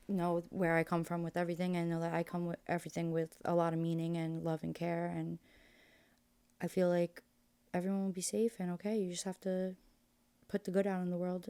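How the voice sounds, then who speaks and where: A woman's voice: on the low side, completely flat delivery, moderate pace, warm tone, clear, resonant tone. A young woman as a podcast guest, speaking candidly and emotionally, rambling with lots of fillers. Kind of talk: candid interview conversation.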